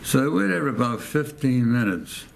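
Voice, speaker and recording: This oral-history interview captures a U.S. man in his 90s telling a war story in a rambling way, repeating phrases and acting out quoted voices. His medium-pitched voice is creaky and very animated at a measured pace, over a little hiss or hum.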